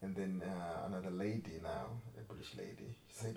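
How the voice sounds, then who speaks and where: A man's voice: deep voice, fairly quick, creaky, hardly any pauses, mellow, a little hiss or hum. A man co-hosting a podcast in casual chat, rambling and correcting himself, laughing often. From Africa. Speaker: podcast co-host. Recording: roomy echo with faint ambience.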